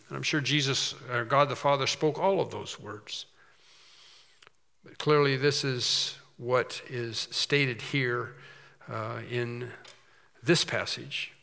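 Bright-voiced male preacher in a reverberant hall. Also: mid-range voice, gravelly. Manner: reads scripture with rising emphasis, explains with quick asides and restarts. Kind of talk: expository sermon, reading scripture aloud.

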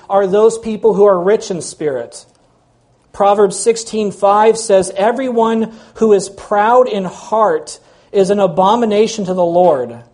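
A man's voice: high voice, darkish tone. A man preaching a sermon in an earnest, emphatic way. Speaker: pastor.

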